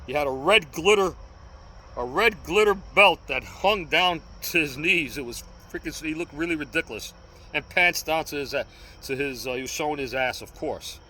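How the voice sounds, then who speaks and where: A man's voice: a little high, moderate pace, a little hiss or hum, low-quality recording. Older New man telling a street story. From New York. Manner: animated, punctuates with sound effects. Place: outdoors on a city street.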